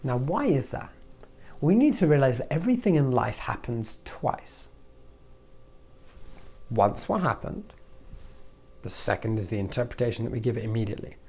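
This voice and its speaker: A man with a breathy, slightly husky voice gives a motivational self-help talk to camera. He is animated and often drops into a hushed voice to act out the thoughts running through someone's head. His pitch sits in a middle range. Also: normal speed, pauses often. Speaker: self-help video host.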